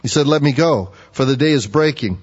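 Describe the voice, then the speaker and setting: A man preaching a sermon, asking his listeners questions and getting animated when he acts out a pleading voice. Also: a little fast, husky. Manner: animated, rising high when acting out pleading; asks the audience questions. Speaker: pastor. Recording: dull, echoey hall.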